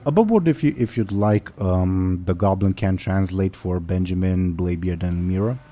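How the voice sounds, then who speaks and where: A man running a tabletop game as game master, narrating loosely and hesitantly with many pauses. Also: deep voice, mellow.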